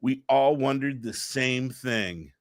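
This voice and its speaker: A middle-aged man chatting excitedly in an interview, telling stories fast with stammered restarts. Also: mid-range voice, no room sound, studio quality. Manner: enthusiastic, rapid storytelling with stammered restarts. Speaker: comic book writer guest. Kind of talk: excited podcast interview chat.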